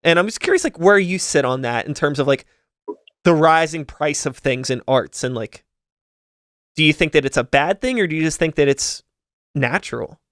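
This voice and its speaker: A man's voice: a little high, expressive, moderate pace, fairly bright tone, no room sound, clean studio sound. A man from hosting a podcast, talking in a rambling, casual way with lots of fillers. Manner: rambling, filler-heavy, upbeat sing-song outro. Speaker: podcast host. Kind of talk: casual interview chat.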